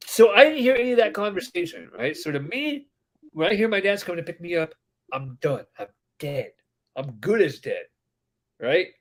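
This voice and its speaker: A man chatting casually on a podcast as co-host, telling a story with lively, animated delivery and acting out the people he quotes. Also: high voice, moderate pace, a little hiss or hum. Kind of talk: casual chat.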